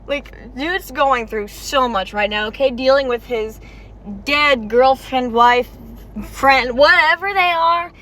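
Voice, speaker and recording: A woman with a high, bright voice talks through a game's story in a casual reaction vlog. She is chatty and emotional, with lots of "like" fillers. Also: slow pace. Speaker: game story reaction vlogger.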